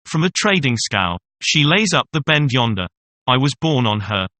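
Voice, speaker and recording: A man's voice: medium pitch, big pitch swings, normal speed, sharp tone. A man reading an audiobook, voicing a scared young river boy who rambles in backwoods talk. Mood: nervous.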